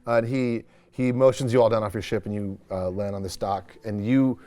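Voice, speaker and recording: A man's voice: on the low side, steady tone, fairly quick, mellow. A man running a tabletop game as game master, narrating in a casual, rambling way with many restarts.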